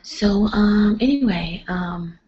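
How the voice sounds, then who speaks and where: Woman vlogger, live at night, hushed and slow, lower voice, muffled lo-fi stream sound. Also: noisy background. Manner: keeps her voice down, often near a whisper. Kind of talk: casual live-stream chat with motivational talk. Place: home at night with others asleep. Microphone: computer mic on a live video stream. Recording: dull lo-fi stream audio.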